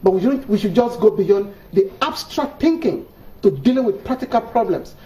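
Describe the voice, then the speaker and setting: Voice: mid-range voice, animated, moderate pace, dark tone. Earnest guest in an echoey studio. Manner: earnest, repeats and restarts. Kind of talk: TV panel discussion.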